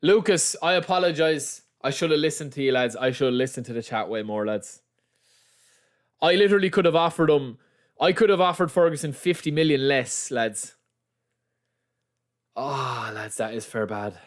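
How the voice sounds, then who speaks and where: Excitable Irish man streaming a game. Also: fairly high pitch, moderate pace, long pauses. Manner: excitable, chatty, keeps calling his viewers lads. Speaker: gaming livestreamer. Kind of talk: casual live commentary over gameplay.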